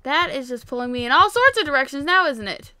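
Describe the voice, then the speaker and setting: Young woman, game commentary, excitable, gasping, keyboard typing faintly behind. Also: high voice, fast talker, no room sound. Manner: excitable, gasps and shrieks often. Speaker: gaming YouTuber. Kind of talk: Minecraft let's-play commentary.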